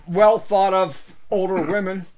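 An older man with a fairly high voice, hosting his own show and spinning rambling, salty barroom tales. He loses his place mid-story and laughs at his own jokes. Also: flat delivery, unhurried, a little mellow. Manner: salty, rambling anecdotes that lose the thread. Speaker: show host and musician.

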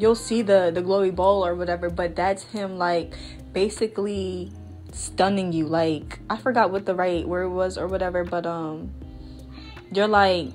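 A young woman vlogger chatting casually to her viewers, full of fillers and asides. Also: medium pitch. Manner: chatty, lots of fillers, addresses viewers as y'all. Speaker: nail art vlogger. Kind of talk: casual chat while working.

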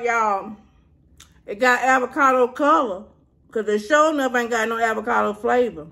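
A woman's voice: fairly high pitch, moderate pace, gravelly, sharp tone. A woman chatting casually to her viewers as she tastes and reviews food, humming and muttering between bites. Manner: mutters and hums while eating. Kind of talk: casual eating and review vlog.

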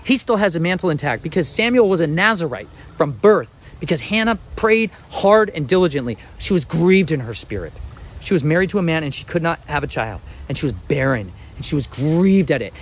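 A man's voice: fairly high pitch, a little fast, slight background noise, poor audio. A chatty man teaching scripture outdoors. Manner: animated, chatty, breaks off to talk to his children. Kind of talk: casual Bible reading and teaching.

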